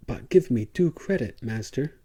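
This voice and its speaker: A man's voice: mid-range voice, lively intonation, moderate pace, husky. A man voicing a whining, sly male slave in an audiobook. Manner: whining, soft.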